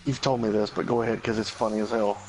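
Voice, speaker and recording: A man's voice: on the low side, little pitch movement, fast, soft background music. A man chiming in with short, teasing remarks from beside the main speaker. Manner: brief teasing interjections.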